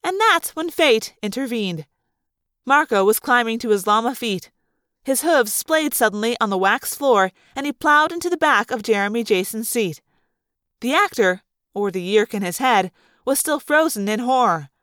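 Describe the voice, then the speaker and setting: Animated woman reading a story aloud. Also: a little high, normal speed, smooth, no echo, clean studio sound. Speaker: audiobook reader. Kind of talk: first-person audiobook narration.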